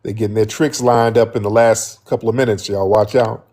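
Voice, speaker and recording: A man's voice: lowish voice, little pitch movement, brisk, a little mellow. A man hosting a live stream, talking casually and joking with his viewers. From United States.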